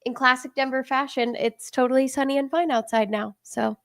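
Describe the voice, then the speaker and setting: A woman's voice: high-pitched, fairly even intonation, fairly quick, a bit bright, no room sound, studio quality. A woman hosting a live trading webinar over a video call, upbeat and welcoming. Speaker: webinar host, product director. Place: home in Denver.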